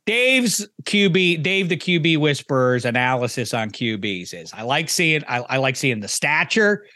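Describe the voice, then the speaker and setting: Bright, playful male podcast host. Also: mid-range voice, very animated, normal speed, no room sound, clean studio sound. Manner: playful, teasing, mock-dramatic. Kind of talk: casual sports chat.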